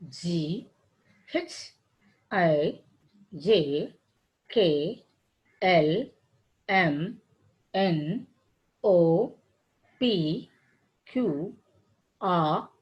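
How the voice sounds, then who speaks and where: In a phonetics lecture, a woman whose voice is on the low side and a little mellow spells out letters and words one by one, often repeating herself and starting sentences over. The audio sounds dull.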